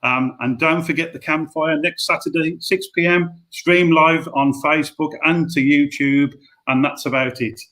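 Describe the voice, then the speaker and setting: A man's voice: on the high side, fairly even intonation, moderate pace, fairly bright tone. A man with a Black Country accent, hosting a live stream and making friendly announcements and thank-yous on a video call. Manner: friendly, thanks people at length. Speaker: host.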